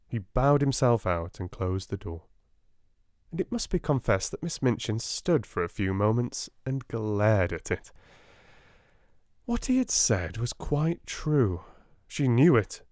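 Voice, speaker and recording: A man with a British accent narrating a classic children's novel in an expressive storytelling manner. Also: medium pitch, no echo, studio quality. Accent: British English. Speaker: audiobook narrator. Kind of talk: unabridged audiobook narration.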